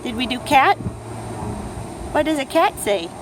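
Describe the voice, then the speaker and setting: High-voiced mom slowly quizzing her kid, sing-songy, noisy home vid. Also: big pitch swings. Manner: sing-song, encouraging, drawn-out questions. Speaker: parent. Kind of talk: playful quizzing of a small child.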